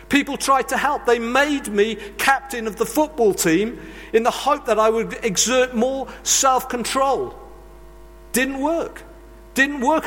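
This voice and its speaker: A man's voice: extremely high pitch, a bit bright. A man preaching a sermon, telling earnest, confessional stories from his own life. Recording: long reverb of a large hall.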